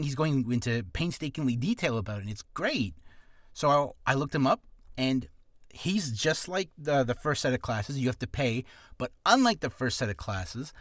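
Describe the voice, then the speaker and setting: In his home studio, a would-be voice actor rambles through a casual tutorial vlog, fixing his own mistakes as he goes, in an animated way. He speaks at a medium pitch with no echo.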